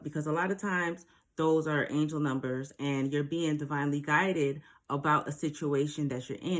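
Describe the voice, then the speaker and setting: A woman with a slightly low voice talks straight to her viewers about spiritual growth. She is earnest and a touch preachy, and she keeps checking in with questions to make her point land. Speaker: spiritual advice vlogger. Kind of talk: casual spiritual advice monologue.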